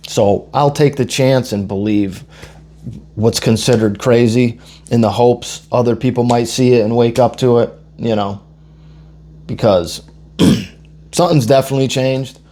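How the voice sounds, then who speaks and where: A young man talking casually into the camera, with a hoarse voice he says he is losing, rambling loosely and swearing as he goes. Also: medium pitch, dark tone. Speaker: vlogger.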